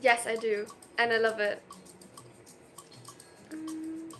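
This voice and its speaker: On a casual livestream, a woman in her twenties talks in a voice on the high side while soft music plays behind her. She comes across as flustered, interrupting herself frequently and laughing readily.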